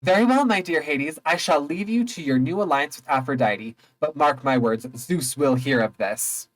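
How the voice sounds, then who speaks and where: A woman's voice: low voice, normal speed, poor audio. A woman voicing a proud, devoted young spring goddess in a game, lofty and theatrical. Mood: pleading.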